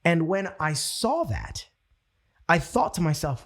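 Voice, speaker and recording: A man with a gravelly, husky, somewhat high voice gives a motivational training talk on network marketing at a normal speed. He tells stories animatedly and acts out quotes.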